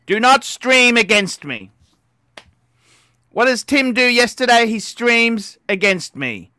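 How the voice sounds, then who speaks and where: A man hosting a livestream, ranting angrily with profanity and lots of repetition, shouting in bursts. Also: extremely high pitch, big pitch swings, takes it slowly, dry recording, studio quality. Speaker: livestream host. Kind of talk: angry livestream rant.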